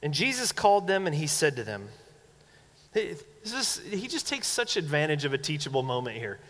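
A young man preaching a sermon as a pastor, animated, acting out quoted voices with big swings in pitch. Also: normal speed. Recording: long hall reverb.

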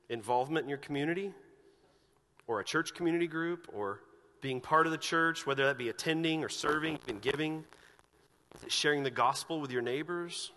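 Earnest male pastor preaching in a reverberant hall. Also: a little high. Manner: earnest, questioning, animated when retelling scripture scenes. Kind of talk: sermon. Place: church sanctuary.

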